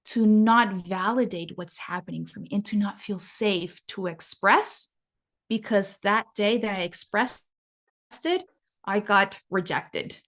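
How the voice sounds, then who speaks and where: Slow-talking Mexican-accented woman. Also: mid-range voice, animated, a bit bright. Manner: earnest, reflective, often adds "right?". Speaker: relationship coach. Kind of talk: explanatory interview talk.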